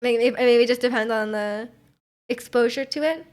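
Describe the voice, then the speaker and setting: This time the young North American streamer's slightly high voice sounds a little mellow, at normal speed. She hosts casual chat on her livestream, rambling and giggling through plenty of fillers.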